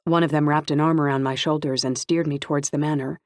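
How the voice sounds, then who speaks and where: An audiobook narrator reading a first-person novel in a steady, even storytelling manner. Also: medium pitch, quick pace, no room sound, studio quality.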